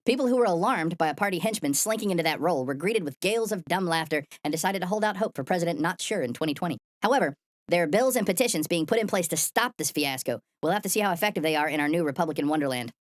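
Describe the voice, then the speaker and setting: A woman hosting a satirical news show, delivering sardonic, profane, deadpan commentary. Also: lowish voice, fast, no room sound, clean studio sound. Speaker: host.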